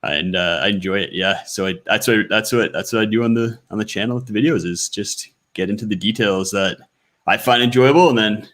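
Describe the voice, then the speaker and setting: Low bright-voiced canadian guy, nerdy, kinda stumbly. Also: brisk. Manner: self-described nerdy, detail-focused, stammers on restarts. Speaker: podcast guest. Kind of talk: casual interview chat.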